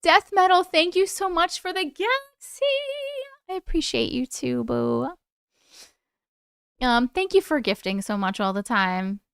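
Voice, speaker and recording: A young woman hosting a casual livestream, chatty and excitable with her viewers and swearing freely. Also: sits high, unhurried, gravelly, clear, resonant tone, no room sound, studio quality. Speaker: livestream host.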